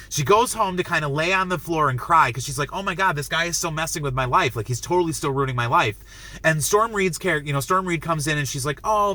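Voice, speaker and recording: A man recapping a film's plot in a casual, excitable review, acting out the characters' lines with lots of fillers and restarts. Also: fairly high pitch. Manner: excitable, acts out quotes, many likes and restarts. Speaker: movie reviewer.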